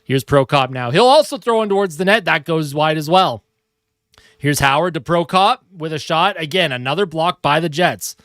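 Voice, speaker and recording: A young man calls a hockey game for his live stream, excitable and chatty. His voice sits a little high. The sound is dry and close, with no room echo. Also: moderate pace. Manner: excitable calls that break off to coo at his cat. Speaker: fan streamer doing live play-by-play. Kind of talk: casual live play-by-play commentary. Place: home room at his monitor.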